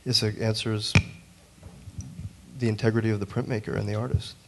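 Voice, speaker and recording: A man on a museum panel, a digital printmaker telling a story in an earnest, halting way with many restarts. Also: on the low side, flat delivery, creaky, slight background noise. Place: museum auditorium.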